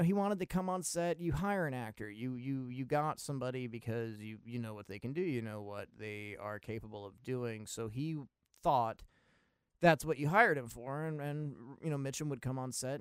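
Casual podcast host, a man who rambles through film talk with restarts, cursing and excited bursts; smooth voice, dry. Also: mid-range voice, no room sound. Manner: rambling, profane, full of restarts and asides; excitable, with sudden loud bursts. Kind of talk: casual film review monologue.

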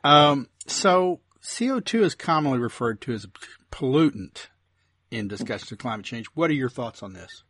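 Man, interviewer, husky, dry close sound, steady questions. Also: mid-range voice, normal speed, no room sound. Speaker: interviewer for a think tank.

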